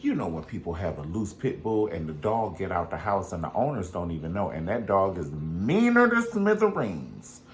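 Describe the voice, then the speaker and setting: A man hosting his own casual commentary, sassy and animated, tossing in curse words, calling people honey and mimicking voices. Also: low-pitched, normal speed, hardly any pauses, a little hiss or hum. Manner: strong cusses and "honey" asides. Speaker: show host.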